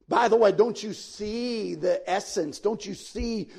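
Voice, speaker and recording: A man preaches a sermon as a pastor in a high, gravelly, darkish voice, taking it slowly. Folksy and speaking straight to his listeners, he swells into sudden emphatic peaks.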